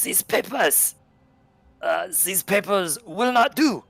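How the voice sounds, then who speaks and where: A man voicing a gruff, extorting male train conductor with a thick German accent and broken English. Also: sits high, lively intonation, a bit bright, no room sound, pitched above the performer's own voice, heavily acted. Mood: demanding. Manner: halting, heavily accented, raised voice.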